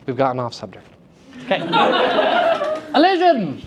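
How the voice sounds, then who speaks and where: Lively woman teaching a lecture. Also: a little high, slow pace, noisy background. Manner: lively, theatrical, laughs often, asks students questions. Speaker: acting teacher giving a lecture. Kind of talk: live lecture to students. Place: school theater festival session.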